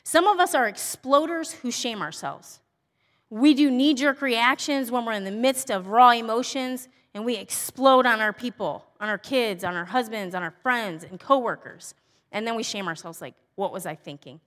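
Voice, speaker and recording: A middle-aged woman speaking at a women's church event, telling personal stories earnestly and moving between bright emphasis and hushed, tender softness. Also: fairly high pitch, moderate pace. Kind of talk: personal teaching talk. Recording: long reverb of a large hall.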